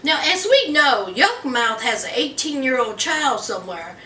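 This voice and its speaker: A woman's voice: high-pitched, big pitch swings, measured pace, sharp tone, a little hiss or hum. A woman giving a chatty, sassy recap of a reality show episode, calling the listener honey and girl. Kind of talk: casual gossipy episode recap. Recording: roomy sound, voice from a distance.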